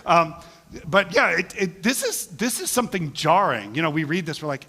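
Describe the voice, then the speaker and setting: A lively male pastor, middle-aged, talks in a bright, forceful, fairly high voice that jumps all over in pitch. He jokes with the congregation and acts out little quoted voices. The sound carries a long church reverb. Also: normal speed. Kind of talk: casual conversational sermon. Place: church sanctuary.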